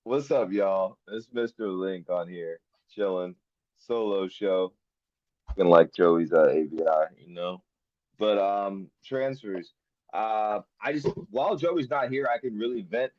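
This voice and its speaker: A man co-hosting a casual football podcast, relaxed and teasing as he vents. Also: mid-range voice, unhurried, no echo, dull audio. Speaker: podcast co-host.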